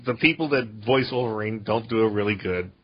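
A man's voice: fairly low pitch, a little fast, husky, highs cut off. Hesitant male podcast host. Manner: hesitant, lots of uh. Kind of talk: casual podcast interview.

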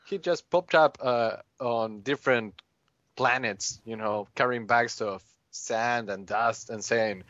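A man who is a guest on a podcast, explaining things in a rambling, halting way in casual chat. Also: mid-range voice, a bit bright, dry recording. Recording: dry, dull lo-fi podcast audio.

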